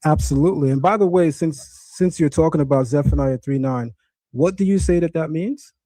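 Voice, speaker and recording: A man teaching on a live stream, emphatic and insistent, pressing his points again and again. His voice sits a little high for a man yet sounds mellow, and the recording is dry and close. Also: fairly quick, no echo. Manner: emphatic, insistent, repeats points to drive them home.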